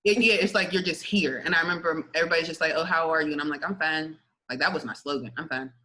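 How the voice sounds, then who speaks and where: Young woman guest, lively chatty testimony, super bright forceful voice. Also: deep voice, racing, poor audio. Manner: lively, chatty, laughs often, many fillers. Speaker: guest sharing her testimony. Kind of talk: casual faith testimony interview.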